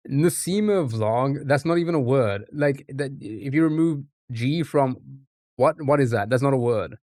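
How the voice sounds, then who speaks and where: A man's voice: mid-range voice, lively intonation, unhurried, mellow, dry recording, clean studio sound. A man casually chatting on a live stream, rambling and thinking aloud, often repeating himself.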